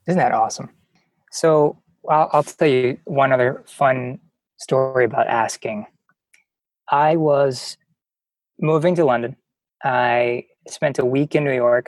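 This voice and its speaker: Male podcast guest, mid pitch, dry close sound, energetic storyteller. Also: unhurried, no echo, poor audio. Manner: enthusiastic, animated storyteller. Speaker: podcast guest, travel company marketer. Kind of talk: casual storytelling chat.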